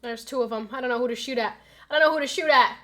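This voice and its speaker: In a very fast, rather high voice, a young American woman chats casually during a gaming live stream. She reads the chat aloud and gets loud and frantic whenever a fight heats up.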